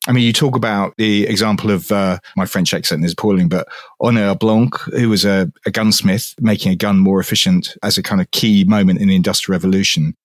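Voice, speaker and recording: A man's voice: deep voice, steady tone, fast talker, few pauses, dry recording, clean studio sound. A man hosting an interview, asking questions after long framing setups. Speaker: podcast host.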